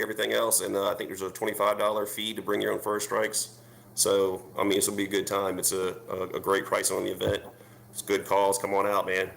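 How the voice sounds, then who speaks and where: A man's voice: lowish voice, vocal fry, a bit bright, a little hiss or hum. A man, a paintball team captain, talking casually on a video-call panel in a rambling way with lots of fillers.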